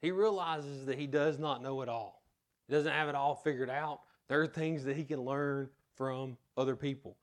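Male pastor, sermon, earnest, plain mid-range voice, tells stories from the pulpit. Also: medium pitch. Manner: earnest, tells personal anecdotes.

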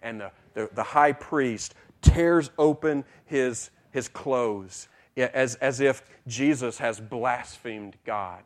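A man's voice: medium pitch, slow, few pauses. A male pastor preaching a sermon, retelling a story with acted-out dialogue and repeated words as he builds intensity.

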